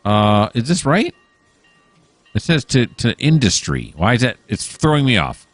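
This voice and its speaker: A man's voice: medium pitch, big pitch swings, a little slow, dry recording, soft background music. A man hosting casual let's-play commentary, rambling and musing aloud with many fillers and restarts. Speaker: gaming channel host.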